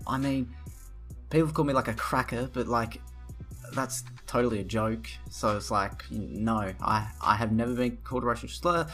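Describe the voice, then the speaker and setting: A man's voice: mid-range voice, steady tone, normal speed, fairly bright tone, faint music behind. Blunt, profane young man ranting. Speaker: vlogger. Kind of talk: casual ranting to camera.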